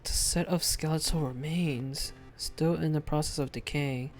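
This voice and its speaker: A game streamer doing live gameplay commentary, reading the on-screen text aloud and thinking out loud. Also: medium pitch, steady tone, measured pace, faint music behind.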